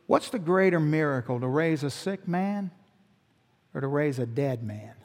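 Speaking unhurriedly but with animation, a male pastor preaches in the large hall of a church sanctuary. His fairly high, slightly mellow voice carries a conversational teaching style full of rhetorical questions and restarted phrases.

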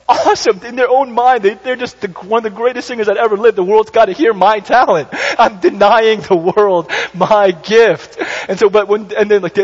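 A man's voice: high-pitched, moderate pace. A man preaching a conversational sermon, with joking asides and frequent self-corrections. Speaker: pastor. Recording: slightly dull recording with faint hiss.

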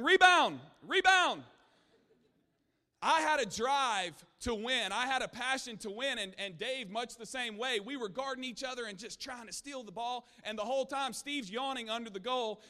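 A man's voice: high-pitched, bright, forceful tone, big-room sound. A man preaching a sermon in a church, telling stories earnestly with frequent restarts. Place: church sanctuary.

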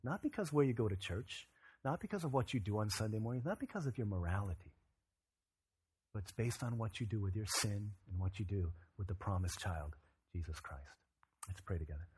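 A man preaching a sermon, moving between quiet reflection and loud, emphatic bursts. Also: fairly low pitch, animated, brisk, slight background noise. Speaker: pastor.

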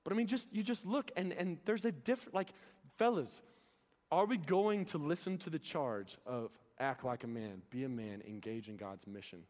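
Earnest young preacher in a reverberant hall. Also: male voice, on the high side, darkish tone. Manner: earnest, asks rapid rhetorical questions. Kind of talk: sermon. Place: church hall.

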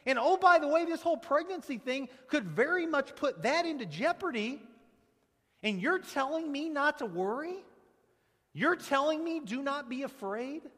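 A man's voice: very high-pitched, a bit bright, long reverb tail, pitched above the performer's own voice, exaggerated voice. A man doing a flustered teenage girl. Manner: exasperated, pleading. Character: flustered fifteen-year-old girl, protesting.

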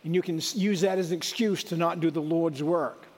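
A man's voice: on the high side, fairly even intonation, fairly quick, a little mellow, in a large hall. A middle-aged man giving a sermon in a conversational, folksy way, with asides and restarts. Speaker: preacher.

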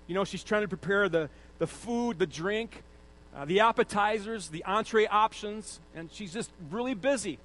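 A man's voice: high voice, a little hiss or hum, rough recording. A middle-aged male pastor giving a casual, conversational sermon from a church stage, asking the congregation questions. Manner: conversational, animated, asks the audience questions. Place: church stage with a slide screen.

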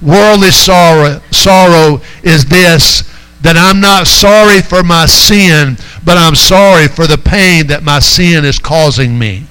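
A man's voice: a little high, slow pace, pushed and bright, smooth, rough recording. A man preaching a sermon as pastor, driving his points home and calling out to the congregation. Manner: preaching with rising emphasis and call-outs to the congregation.

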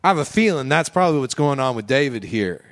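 A man preaching a conversational sermon, then leading the congregation in a slow, quiet breathing prayer. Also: mid-range voice, sing-song. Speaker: pastor.

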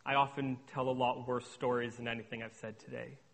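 Young male speaker, sermon testimony, earnest, alternates hushed and emphatic, mid-pitched voice. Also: flat delivery, a little fast, vocal fry. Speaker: speaker on addiction recovery.

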